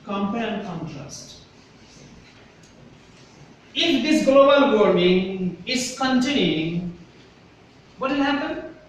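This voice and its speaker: In an echoey classroom recorded from far off, with faint hiss, a man with a Bangladeshi English accent lectures university students. His high voice is expressive and slow, with frequent pauses. He speaks emphatically and repeatedly checks in with "Yes? Clear?"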